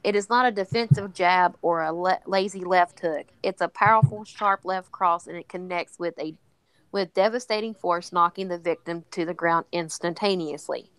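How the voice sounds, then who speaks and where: A woman's voice: on the low side, normal speed, a bit bright, clean tone, no room sound, low-quality recording. A woman in casual chat, ranting heatedly with plenty of swearing, then reading a news article aloud. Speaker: co-host.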